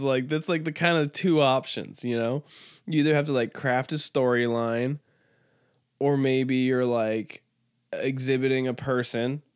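Guy podcast host rambling and joking crudely, smooth clear voice, dry sound. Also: mid-range voice, no room sound. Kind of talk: casual comedic monologue.

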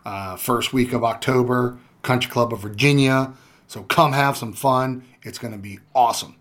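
A guest on a podcast, a man, tells stories against himself in a relaxed way. He swears offhandedly, and his voice sits in a middle register. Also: medium pitch, moderate pace. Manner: self-deprecating, swears casually. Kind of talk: casual chat, storytelling.

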